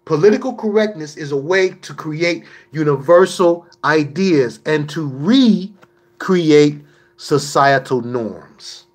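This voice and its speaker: A man's voice: on the high side, expressive, slow. A man hosting a livestream, answering viewer questions in an emphatic, preachy way with mocking asides.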